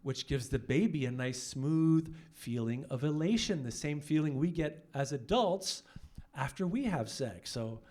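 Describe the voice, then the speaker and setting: A young man doing a stand-up comedy set on a club stage, brash and profane, telling animated stories into a handheld mic. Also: fairly high pitch, a little slow. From Canada.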